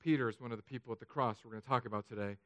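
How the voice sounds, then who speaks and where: A man preaching a sermon, telling stories with jokes and playful asides that turn hushed and solemn. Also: medium pitch, rapid-fire. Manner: animated, joking storytelling with hushed, solemn turns. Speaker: pastor.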